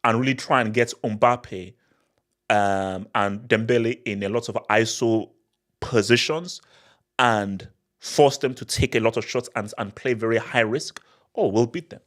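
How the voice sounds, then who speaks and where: A man hosting a casual live question-and-answer stream, talking in an animated way with many restarts and frequent laughter. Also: mid-range voice, a little slow. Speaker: football channel host.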